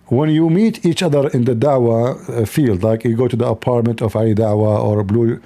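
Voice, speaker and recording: Mocking man with a mellow voice. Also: medium pitch, fairly quick. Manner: mocking, interrupting, repeats words. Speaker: debate host. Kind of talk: online debate call.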